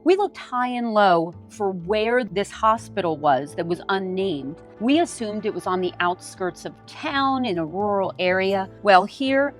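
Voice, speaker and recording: Animated woman telling a family story. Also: mid-range voice, unhurried, few pauses, soft background music. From United States. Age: middle-aged. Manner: animated, acts out her own quoted lines with lots of "like". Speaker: vlogger. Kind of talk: casual storytelling.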